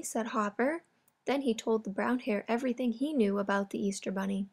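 A woman's voice: medium pitch, fairly even intonation, moderate pace. Woman reading a children's story.

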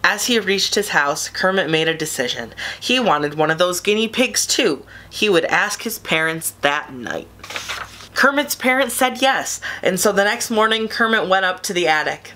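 Woman storyteller, steady children's book reading; bright tone. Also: lowish voice, normal speed.

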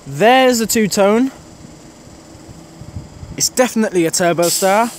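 A man's voice: sits high, unhurried. A man vlogging at a railway station, casually calling out arriving trains, services and unit numbers and correcting himself as he goes. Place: outdoors on a railway station platform. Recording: loud outdoor station noise.

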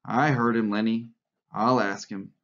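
A man reading the part of a sharp, wary male farmhand who talks curtly and impatiently. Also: lowish voice, fairly even intonation, measured pace. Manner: curt, impatient. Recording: lo-fi recording.

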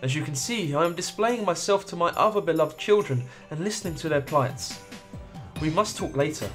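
A man's voice: a little high, lively intonation, normal speed, fairly bright tone, faint music behind. A man reading the lines of a stern, regal woman who leads a cult, in a cold, scolding tone. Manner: cold, scolding, self-righteous.

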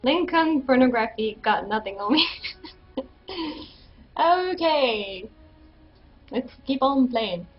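A bubbly French Canadian woman talks through her game session in a somewhat high voice, breaking into giggles often. The stream audio sounds slightly dull, with faint game music underneath. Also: expressive, takes it slowly, pauses often. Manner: giggly, chatty. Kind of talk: casual gameplay commentary.

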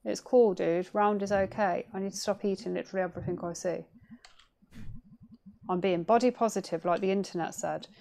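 A woman's voice: medium pitch, steady tone, a little fast, creaky, darkish tone, slight background noise, natural voice. A woman reading as a sardonic young cat girl. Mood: self-critical. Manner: dry, self-mocking, muttering. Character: sardonic young adult female cat, gloomy dropout.

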